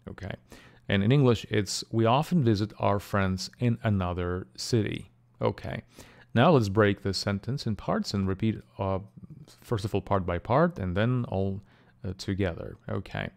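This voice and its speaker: A man teaching the pronunciation of a word, breaking it into syllables and repeating it slowly and carefully. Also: lowish voice, gravelly. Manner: slow, deliberate syllable-by-syllable demonstrations. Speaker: language teacher. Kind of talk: pronunciation lesson.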